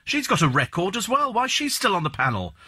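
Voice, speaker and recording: A man's voice: high voice, huge pitch swings, fast, bright, forceful tone, slightly rough. A man hosting a talk radio show, chatting in a rambling, opinionated and sardonic way about gossip and the news. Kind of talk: casual chat and celebrity gossip commentary. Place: radio studio. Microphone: studio microphone.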